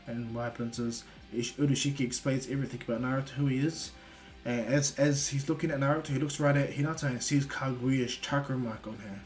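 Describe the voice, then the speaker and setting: A man's voice: mid-range voice, steady tone, fairly quick, faint music behind. A man casually retelling a made-up cartoon story, rambling with many fillers.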